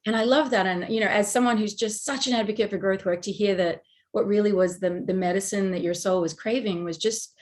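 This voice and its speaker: A woman's voice: mid-range voice, a little fast, few pauses, darkish tone. A woman hosting a podcast, effusive and reflective in her replies. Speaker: podcast host. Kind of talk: conversational interview.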